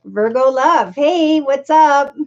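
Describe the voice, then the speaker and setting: A middle-aged woman with a slightly high voice hosts a casual live tarot reading. She talks in a loose, rambling way and greets viewers by name. The audio is a little dull and lo-fi. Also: slow pace. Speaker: tarot reader hosting a live stream.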